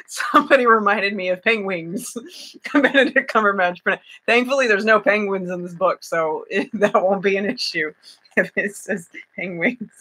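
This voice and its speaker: Bubbly lady rambling on her live stream, lots of likes and giggles, kinda sharp bright voice. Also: mid-range voice, moderate pace. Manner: giggly, chatty, many fillers and restarts. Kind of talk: casual live-stream chat.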